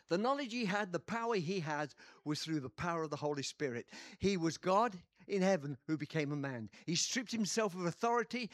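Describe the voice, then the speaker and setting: High-pitched preacher guy, swings all over the place, dry close sound. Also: no echo. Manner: dramatic storytelling, acting out quotes with shouts. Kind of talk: sermon.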